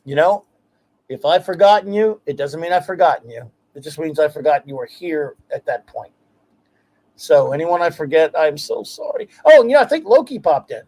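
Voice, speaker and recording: A man hosting a casual livestream, talking in an enthusiastic, rambling way and giving effusive shout-outs. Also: on the high side, big pitch swings, normal speed. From United States. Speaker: host.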